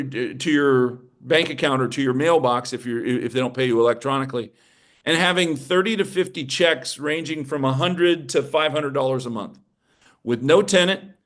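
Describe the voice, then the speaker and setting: A man giving an energetic, emphatic seminar presentation on real estate investing. He often asks the audience rhetorical questions. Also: a little high.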